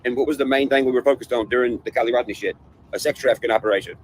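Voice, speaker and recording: A man's voice: medium pitch, rapid-fire, poor audio. A man ranting in a casual livestream panel, profane and conspiratorial, with faint noise behind him. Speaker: panel guest.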